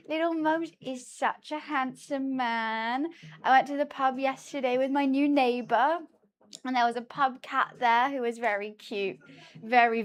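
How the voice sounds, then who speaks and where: High-voiced chatty woman streamer. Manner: chatty, laughs often, coos to her cat. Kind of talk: casual chat while cooking on stream.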